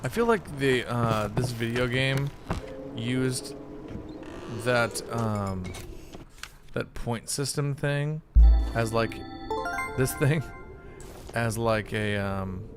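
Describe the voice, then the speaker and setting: A man's voice: medium pitch, drawn-out words, long pauses, over music. A man streaming a video game, rambling casually and calling listeners dude and bro. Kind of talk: casual gameplay commentary.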